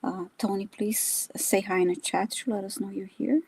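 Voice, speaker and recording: A woman co-hosting a live psychic session, speaking quietly and hesitantly. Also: medium pitch, fairly even intonation, normal speed, breathy edge, no echo. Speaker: co-host and psychic reader. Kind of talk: casual live-stream chat.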